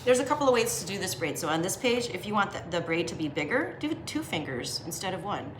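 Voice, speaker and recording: A woman's voice: on the low side, sing-song, fast talker, reverberant, background noise. A woman giving a casual drawing lesson as she sketches. She talks in a chatty, slangy way and laughs often. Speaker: drawing teacher.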